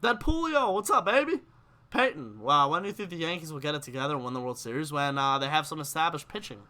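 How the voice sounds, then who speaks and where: Animated young man on a sports stream. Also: a little high, fast talker. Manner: animated, gets worked up, reads chat questions aloud. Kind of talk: casual live-stream hockey chat.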